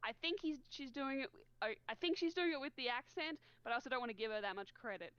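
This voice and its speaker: A woman's voice: sits high, lively intonation, fast talker, a bit bright, clear, resonant tone, highs cut off. A woman reading a novel aloud with sarcastic commentary, putting on mock accents for the dialogue and laughing often. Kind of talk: casual reading with comic commentary.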